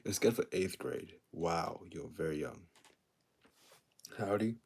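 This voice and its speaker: A young man hosting a casual livestream and reading out viewer comments, talking in a tired, quiet, low-key way. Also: moderate pace, creaky, husky. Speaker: livestream host.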